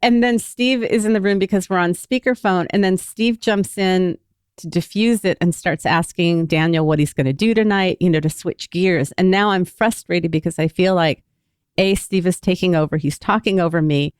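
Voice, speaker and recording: A woman in her sixties speaks in a low, clear, resonant voice. She talks openly and thoughtfully through her own feelings, like a former therapist telling a personal story. The sound is dry and close. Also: moderate pace, darkish tone, no room sound. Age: 60s. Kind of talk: personal storytelling in a candid podcast conversation.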